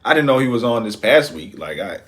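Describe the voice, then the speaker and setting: A man's voice: medium pitch, lively intonation, brisk, a bit bright. A man hosting a reaction video, musing aloud in casual commentary, trailing off with lots of fillers.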